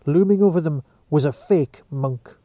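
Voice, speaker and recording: A man reading a short story aloud in a steady storytelling manner. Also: on the high side, normal speed, no echo, clean studio sound. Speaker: narrator.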